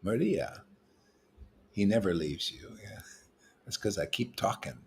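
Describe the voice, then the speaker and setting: A man giving an informal, animated spiritual talk to a group, streetwise in tone and swinging between loud bursts and hushed asides. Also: fairly low pitch, unhurried, gravelly. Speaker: spiritual teacher leading a devotee meetup. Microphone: livestream mic.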